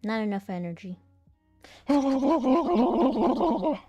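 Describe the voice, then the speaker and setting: A woman's voice: mid-range voice, lively intonation, takes it slowly, a little mellow, no echo, dull audio, faint music behind. A young woman streamer practicing voice acting, chatting casually and laughing at herself between takes. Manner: giggly, self-mocking, chatty. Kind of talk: casual live-stream chat.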